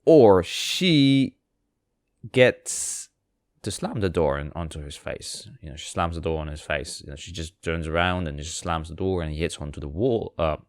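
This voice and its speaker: A man's voice: deep voice, expressive, moderate pace, no echo, clean studio sound. A man hosting a podcast, retelling a fairy tale with sarcastic, rambling asides and many fillers. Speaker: podcast host. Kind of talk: comic storytelling.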